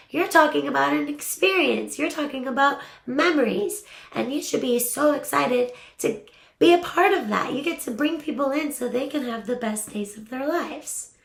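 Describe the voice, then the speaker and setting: A woman's voice: high voice, creaky, fairly bright tone. Chatty woman teaching voiceover, echoey room. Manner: chatty, upbeat, many fillers. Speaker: voiceover coach. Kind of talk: casual teaching talk.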